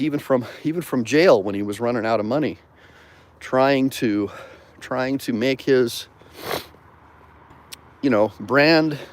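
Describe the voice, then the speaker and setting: Man, attorney host, casual livestream talk, walking outdoors, mid-pitched, digressive, thanks viewers.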